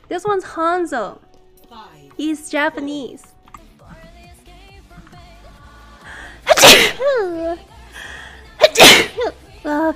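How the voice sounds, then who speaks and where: A woman's voice: sits high, vocal fry. A woman streamer chatting casually on a live stream, stuffy-nosed and sneezing, apologizing often between sneezes and coughs.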